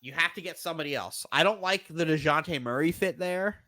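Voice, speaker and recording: A man's voice: a little high, brisk, sharp tone, no echo. A man co-hosting a sports podcast, talking bluntly and profanely in casual chat. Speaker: podcast co-host.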